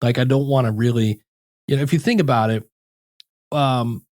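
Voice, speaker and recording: A man in a relaxed podcast interview, handing out practical advice on shows and ads. He brings his points to life by playing out small quoted exchanges. His voice sits at a middle pitch and sounds dry and close to the mic. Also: normal speed, dry recording. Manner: animated, acts out little quoted scenes. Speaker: podcast coach and guest. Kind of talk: casual interview chat.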